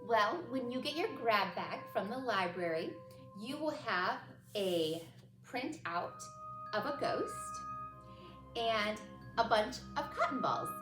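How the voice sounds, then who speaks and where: A woman reads a children's picture book aloud slowly and gently, then walks young listeners through a craft. Her voice sits a little high, and it echoes around the room with music playing behind her. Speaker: children's librarian, story time host.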